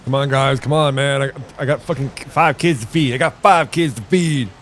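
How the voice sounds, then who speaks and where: A man's voice: medium pitch, normal speed, a little hiss or hum. A middle-aged man giving profane, rambling commentary while streaming a video game. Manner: profane, rambling, animated storytelling. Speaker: gaming streamer. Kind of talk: casual live gameplay commentary.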